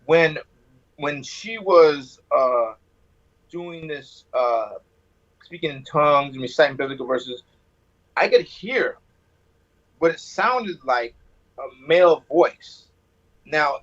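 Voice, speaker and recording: Husky man rambling over a phone line. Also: fairly high pitch, fairly bright tone. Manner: rambling, sarcastic, hot-tempered. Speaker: caller. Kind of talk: telling a personal story.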